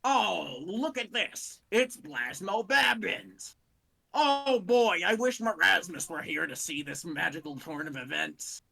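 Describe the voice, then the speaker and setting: A man putting on a loud blustering soldier who shouts for his roommate, slow and punchy. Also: high-pitched, animated, vocal fry, heavily acted. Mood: excited.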